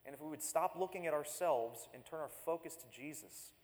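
A man preaching with measured, repeated emphasis. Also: fairly high pitch, darkish tone, in a large hall. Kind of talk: sermon.

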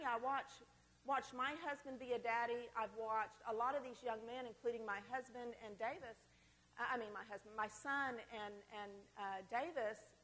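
A woman's voice: high voice, fairly bright tone. A middle-aged woman giving a candid, conversational personal testimony to a church group, with self-deprecating humor. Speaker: speaker at a women's church gathering. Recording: long hall reverb.

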